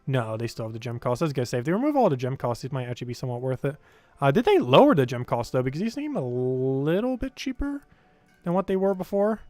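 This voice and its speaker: A man's voice: mid-range voice, big pitch swings, fast talker, a little mellow, no echo, soft background music. A young man live-streaming a game, giving casual, rambling commentary full of filler words.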